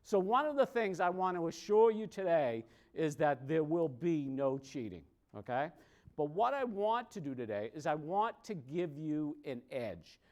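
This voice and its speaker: A man with a Boston accent giving a joking conference presentation, wry and self-mocking, often tagging his points with a quick check-in. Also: a little high. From Boston, USA. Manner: wry, self-mocking, tags lines with "okay?".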